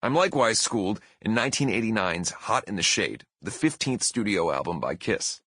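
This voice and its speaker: Husky, expressive man reading his memoir. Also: lowish voice, normal speed, no echo. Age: 30s. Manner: expressive, emphatic storytelling. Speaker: author narrating his memoir. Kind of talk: audiobook narration.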